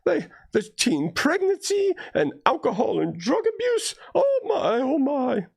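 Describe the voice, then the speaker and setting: Give me a scandalized old British church lady, pearl-clutching and shrill, as a man puts her on. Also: wildly swooping pitch, measured pace, gravelly, heavily acted. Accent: put-on British.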